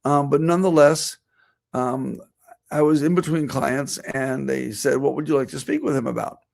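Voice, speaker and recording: A man's voice: mid-range voice, fairly even intonation, normal speed, gravelly, a little mellow. A middle-aged man, a veterinarian, telling a personal anecdote during a talk and quoting what he and others said. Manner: storytelling, quoting himself and others.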